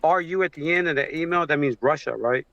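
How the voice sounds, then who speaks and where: A man on a livestream video call, talking in a halting, emotional way with many fillers. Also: fairly high pitch, a bit bright, dry recording, dull audio. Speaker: guest on a livestream. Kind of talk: casual supportive chat. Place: home with a train passing outside.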